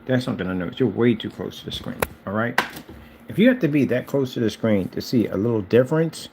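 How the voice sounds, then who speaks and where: A man's voice: medium pitch, lively intonation, fast, gravelly, noisy background. A man who sells screen paint, delivering a heated, mocking reaction rant at a rival. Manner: mocking, combative.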